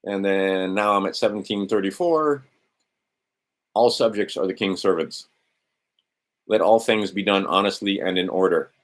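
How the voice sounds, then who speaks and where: A middle-aged man, host of a legal maxims stream, chats casually while scrolling through a document on screen. His voice sits low and he speaks at a moderate pace, pausing often as he rambles with sardonic, profane asides.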